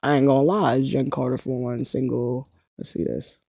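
A woman's voice: a bass voice, little pitch movement, normal speed, mellow, breathy edge, no room sound, studio quality. A young woman chatting casually to her livestream chat, slangy and swearing, often laughing in disbelief. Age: young adult. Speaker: streamer.

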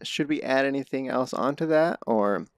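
A man's voice: mid-range voice, normal speed, no room sound, studio quality. A man hosting a podcast, asking questions in a hesitant, casual way with many restarts. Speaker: podcast host.

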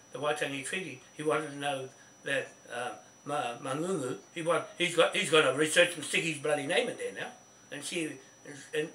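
A man's voice: fairly high pitch, pushed and bright, distant mic. A New Zealand man holds forth in a rambling, insistent way, stumbling over restarts and repeating himself. He speaks from some way off the mic, and the recording sounds echoey with a faint hiss behind him. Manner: insistent, keeps asking "see?". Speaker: speaker on a phone call. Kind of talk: rambling phone chat.

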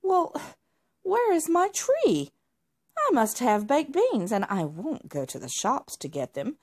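A woman's voice: deep voice, very animated, normal speed, husky, heavily acted. A spoiled, grumpy male cat from a children's storybook, full of huffs and entitled demands , voiced by a woman reader. He sounds lazy and snobbish. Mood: demanding.

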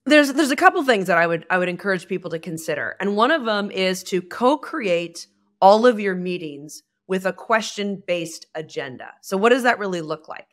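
A woman guest in a podcast conversation, speaking expressively and acting out bits of dialogue. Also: moderate pace. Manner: expressive, acts out dialogue with shifting pitch. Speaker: guest, communication expert.

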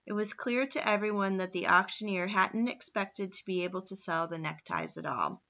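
A woman reading a children's novel aloud in a steady storytelling manner. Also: medium pitch, normal speed, vocal fry, hardly any pauses, highs cut off. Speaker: reader.

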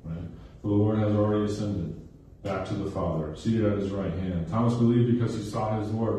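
A man's voice: lowish voice, fairly quick, few pauses, warm tone, a little hiss or hum. A male pastor giving a sermon, often checking in with listeners with "okay?" and "right?" and repeating phrases for emphasis. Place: recreation center used for church service. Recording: very echoey hall, heard from a distance.

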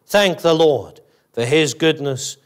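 A man preaching an evangelical sermon in church, fervent and emphatic, asking his listeners rhetorical questions and climbing high on exclamations. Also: animated, slow. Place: church, evening service.

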